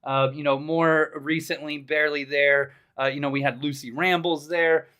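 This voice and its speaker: A man's voice: on the high side, flat delivery, moderate pace, bright, forceful tone, clear, resonant tone. A man hosting a live stream, chatting in a casual, upbeat and jokey way as he greets viewers by name.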